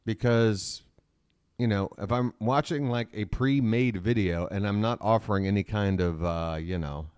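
A man's voice: fairly low pitch, normal speed, darkish tone, smooth, no room sound, studio quality. A man hosting a casual live stream from his laptop at home, rambling with self-mocking asides and reading out the chat.

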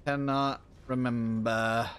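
A man's voice: medium pitch, level tone, slow, fairly bright tone, slight background noise. A man streaming a video game live, chatting casually with viewers and reacting to the game as he plays. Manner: chatty, answers viewers while playing. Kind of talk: casual gaming commentary.

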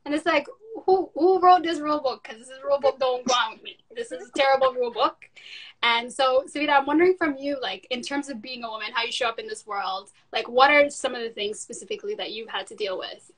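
A woman's voice: high voice, fast talker, rough recording. A woman moderating a panel discussion, enthusiastic, using Caribbean slang and asking long questions.

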